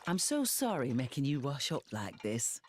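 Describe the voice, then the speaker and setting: A woman's voice: rumbling low, very animated, moderate pace, a little hiss or hum. A woman voicing a kindly, motherly village woman in a game. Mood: fond.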